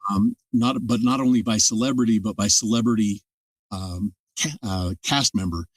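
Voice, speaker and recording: Older male narrator as guest, low-voiced, thoughtful explainer, mic a little distant, dry sound. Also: moderate pace, breathy edge, no echo. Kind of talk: casual interview talk.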